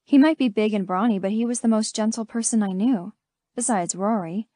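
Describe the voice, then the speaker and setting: A woman reading an audiobook as scripted first-person narration, in a measured, steady manner on a close studio mic. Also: medium pitch, no echo.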